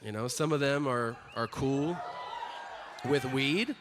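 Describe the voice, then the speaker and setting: A man doing a stand-up comedy routine on stage, animated, breaking into high-pitched voices for the people he quotes. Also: takes it slowly. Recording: live in a reverberant hall with audience noise. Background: audience laughter.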